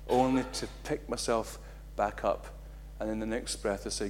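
Male pastor, middle-aged, animated sermon delivery with dramatic swings. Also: on the low side, normal speed, hardly any pauses, a little hiss or hum. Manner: animated, acts out quotes with big swings in loudness. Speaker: preacher.

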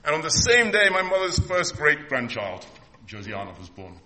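A man's voice: a little high, sing-song, moderate pace, noisy background. A man in his fifties preaching an impassioned, emotional sermon.

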